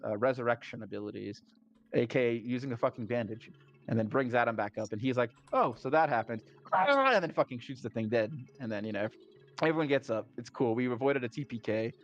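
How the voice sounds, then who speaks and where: A man's voice: mid-range voice, brisk. Profane man recapping a tabletop game. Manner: profane, laughing, acts out friends' lines. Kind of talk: casual storytelling recap. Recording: dull lo-fi sound.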